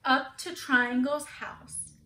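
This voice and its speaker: A woman's voice: high voice, flat delivery, slow, bright, forceful tone, reverberant. A woman teacher reading a picture book aloud to children, asking them questions and gasping for effect.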